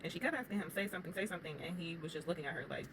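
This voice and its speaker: A woman's voice: on the low side, expressive, very fast, noisy background. A woman giving casual, opinionated commentary as she recaps a reality show, talking straight to her viewers.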